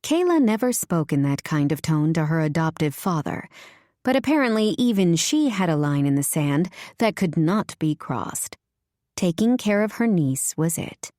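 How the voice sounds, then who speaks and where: A woman narrating an audiobook in a measured, even reading voice, close to a studio mic. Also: lowish voice, dry recording. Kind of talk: scripted narration.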